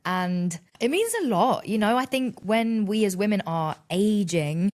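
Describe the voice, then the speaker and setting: Woman, 30s, solo podcast host; candid, expressive, profane, conversational delivery. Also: mid-range voice, a little slow. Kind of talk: casual solo podcast monologue.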